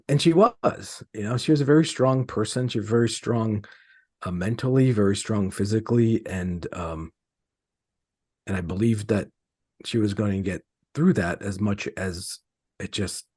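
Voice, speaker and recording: Middle-aged male author guest, lowish husky voice, halting delivery, dry sound. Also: darkish tone, no room sound. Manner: hesitant, many fillers and restarts. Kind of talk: conversational interview.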